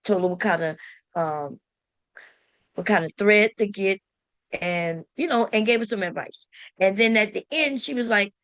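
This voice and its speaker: A woman's voice: medium pitch, moderate pace, long pauses, fairly bright tone, no echo. A woman hosting a sewing channel, telling a story to camera in a casual, emphatic way and talking straight to her viewers with exasperated rhetorical questions.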